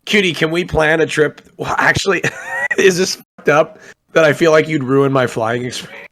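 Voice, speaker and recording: A man's voice: on the high side, normal speed, fairly bright tone. A young man chatting casually on a late-night stream, rambling through stories and acting out what people said. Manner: rambling storyteller, acts out quoted voices. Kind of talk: casual chat.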